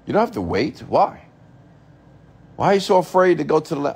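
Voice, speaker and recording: A man's voice: fairly high pitch, sing-song, fairly quick, gravelly, long pauses, darkish tone, breathy edge. Emphatic man ranting motivationally. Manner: emphatic, repeats himself, asks rhetorical questions; swears casually. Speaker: motivational speaker. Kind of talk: motivational rant.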